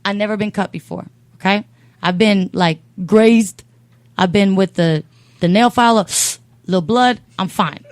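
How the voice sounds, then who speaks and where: A woman telling a comedic story on a talk show in an animated, profane way. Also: mid-range voice, moderate pace, dry recording. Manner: animated, profane, acts out voices in her stories.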